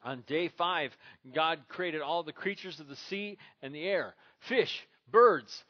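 A pastor from Minnesota preaching a sermon, moving from relaxed storytelling into emphatic scripture reading. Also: male voice, a little high, measured pace, highs cut off.

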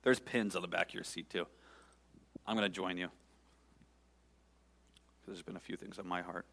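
Low-voiced male pastor, earnest sermon delivery, long reverb of a church hall. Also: steady tone, creaky, fairly bright tone. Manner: earnest, pausing, conversational with the congregation.

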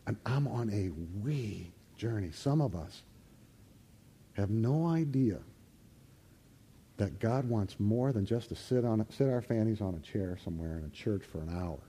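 A man preaching a sermon to a live congregation, leading call-and-response and swinging from loud exclamations to hushed near-whispers. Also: lowish voice, expressive, measured pace, long pauses, breathy edge. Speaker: pastor. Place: church hall before a live congregation.

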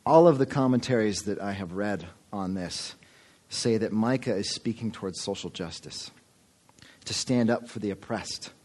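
A man's voice: lowish voice, normal speed, a little mellow. A man preaching a sermon as pastor, earnest and calling his listeners folks. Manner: earnest, addresses the congregation as folks.

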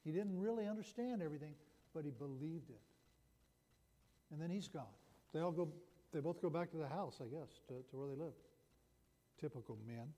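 On the high side and expressive, this pastor's warm voice runs fairly quick but includes long pauses. He retells a Bible story in a conversational sermon full of restarts, recorded with long hall reverb.

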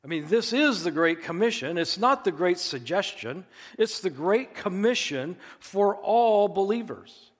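A male pastor preaching a sermon in an earnest, emphatic way, slowing down to stress key phrases. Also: sits high, expressive, big-room sound.

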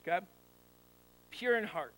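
A man's voice: high voice, lively intonation, takes it slowly, vocal fry, fairly bright tone, a little hiss or hum, low-quality recording. A man preaching a sermon as a pastor, in a conversational, joking style, full of rhetorical questions to the congregation.

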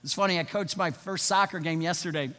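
A man preaching a sermon as pastor, swinging from loud, rapid urging to soft, slow passages. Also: high-pitched. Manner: building to loud, fast repeated urgings, then dropping soft and slow. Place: church sanctuary. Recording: long church reverb with soft music.

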